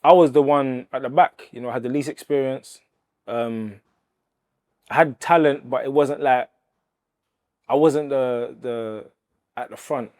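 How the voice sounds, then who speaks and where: A man, a boxer telling stories of his career in a relaxed, chatty way. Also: medium pitch, a little slow, pauses often. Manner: relaxed, chatty storytelling with slang and laughs. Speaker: professional boxer. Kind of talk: interview and gym banter.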